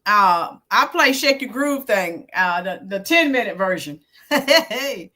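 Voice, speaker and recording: A woman's voice: medium pitch, animated, takes it slowly, sharp tone. A middle-aged woman hosting her own channel, chatting casually with viewers live, reminiscing and answering them by name. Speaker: YouTube channel host and teacher. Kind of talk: casual live-stream chat.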